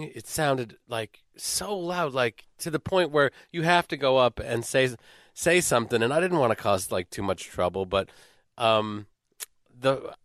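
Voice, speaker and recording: A man casually telling a story about old neighbors, halting and searching for words. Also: medium pitch, fairly bright tone, no room sound, clean studio sound. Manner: hesitant, many fillers and restarts. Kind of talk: casual chat, anecdote.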